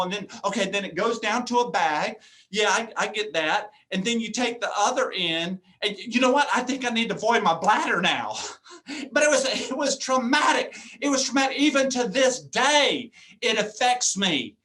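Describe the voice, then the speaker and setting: A man speaking at a luncheon, telling a funny personal story and playing every part in it. His voice sits high for a man and carries a bright, forceful edge. He turns to the room with questions as he goes. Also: expressive, moderate pace. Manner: comic, acts out dialogue, addresses audience. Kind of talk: humorous storytelling speech. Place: meeting before a live audience.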